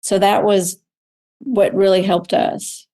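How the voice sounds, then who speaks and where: A woman's voice: mid-range voice, little pitch movement, slow, warm tone. A middle-aged woman, a medical spa owner, talking candidly as an interview guest and retelling her own experiences with frequent restarts. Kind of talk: conversational interview.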